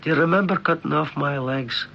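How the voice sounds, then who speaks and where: A man's voice: a little high, brisk, vocal fry. Young disabled mother in a folk tale, voiced by a Scots man, slightly raised voice, dull old recording. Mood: earnest. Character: young woman, maimed but hopeful mother. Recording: dull hissy 1950s archive tape.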